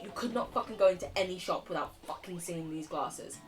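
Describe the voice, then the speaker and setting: A young woman streaming a video game, joking, swearing freely and reacting out loud as she plays, with faint game music behind. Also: mid-range voice, a little fast, few pauses, distant mic. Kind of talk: casual let's-play commentary.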